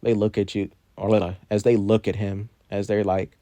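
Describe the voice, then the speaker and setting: A man telling an improvised fan story, rambling along with loose fillers as he goes. His voice is on the low side and the recording is dry and close. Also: level tone, moderate pace, warm tone, no room sound. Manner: rambling, fillers like kinda and you know.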